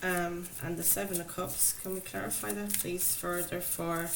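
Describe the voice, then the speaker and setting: A woman's voice: lowish voice, little pitch movement, normal speed, gravelly. A woman doing a chatty, enthusiastic tarot reading, talking to her viewers. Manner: enthusiastic, chatty, laughs often. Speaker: tarot reader. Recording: faint background noise.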